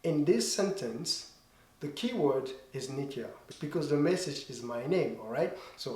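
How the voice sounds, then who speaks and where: A man's voice: fairly high pitch, animated, a little slow, a little mellow. Man teaching dance, echoey room. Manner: explanatory, repeats key points, non-native grammar slips. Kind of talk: instructional talk to camera.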